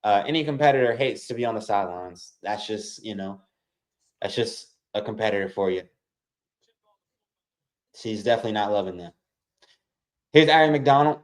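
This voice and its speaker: A man's voice: fairly low pitch, normal speed, long pauses. A man hosting a casual watch-along, calling basketball play-by-play and talking straight to his viewers. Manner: excitable, keeps addressing viewers as y'all.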